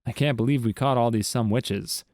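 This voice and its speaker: A man's voice: medium pitch, normal speed, a little mellow, no echo, clean studio sound, lightly acted. A man voicing eager young altar boys.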